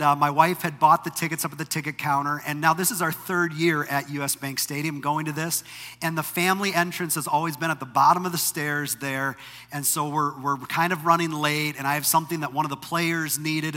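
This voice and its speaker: A man's voice: on the high side, pushed and bright. A middle-aged man preaching a sermon as a pastor, telling stories in a conversational, self-deprecating way. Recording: long reverb from a large hall.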